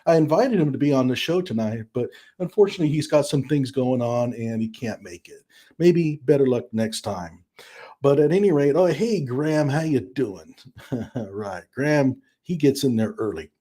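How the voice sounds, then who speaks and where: A man's voice: medium pitch, expressive, moderate pace, dark tone, breathy edge. A man hosting a live stream, chatting casually and mockingly, with frequent laughs and fillers.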